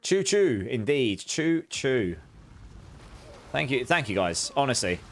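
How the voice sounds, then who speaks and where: A man's voice: mid-range voice, lively intonation, takes it slowly, slight background noise. A young man chatting casually on a game live stream, thanking viewers and exclaiming often.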